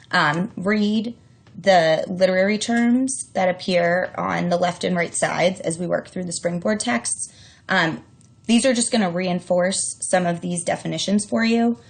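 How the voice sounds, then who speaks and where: A woman with a fairly low, gravelly voice teaches a recorded distance-learning lesson. She talks casually and fills her sentences with fillers and quick self-corrections. She sounds like a teacher walking students through the material. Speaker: English teacher.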